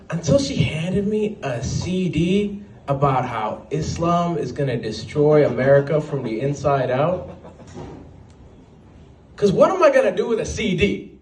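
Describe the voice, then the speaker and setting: A man performing a stand-up comedy set at an open mic, telling stories with quick asides. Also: a little high, slight background noise. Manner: animated storytelling with quick asides and put-on voices. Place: small venue at an open mic night. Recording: roomy sound, voice from a distance, faint background.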